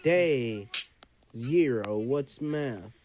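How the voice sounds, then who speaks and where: A young man streaming a game, chatting and reacting with sudden loud yelps. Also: medium pitch, expressive, very slow, very noisy. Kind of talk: casual gameplay commentary. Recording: game music playing behind.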